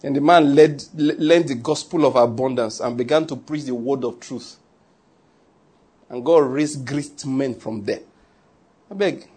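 A man's voice: medium pitch, measured pace, dark tone, husky. A man with a Nigerian accent preaching a sermon, chatty and humorous, dropping into Pidgin asides. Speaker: pastor.

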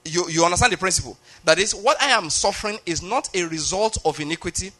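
Bright high-voiced male preacher. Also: fast. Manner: explanatory, keeps asking if listeners follow. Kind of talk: sermon.

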